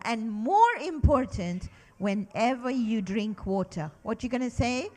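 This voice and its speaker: A woman's voice: fairly high pitch, moderate pace, few pauses. A middle-aged woman giving a religious lesson to children, asking them lots of questions and leading them in call-and-response recitation. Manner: animated, asks children many questions. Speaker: children's lecturer at a mosque.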